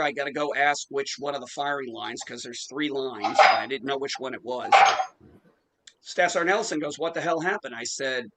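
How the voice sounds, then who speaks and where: A man's voice: medium pitch, gravelly, very noisy. A man in his forties telling a profane story in casual chat, acting out the quotes. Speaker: podcast host.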